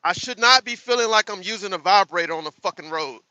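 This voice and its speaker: A man's voice: high voice, fast, bright, forceful tone, poor audio. A man driving a truck and live streaming, ranting and swearing in a casual, exasperated way from inside his cab. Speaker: truck driver livestreamer. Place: truck cab on a bumpy road. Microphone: phone.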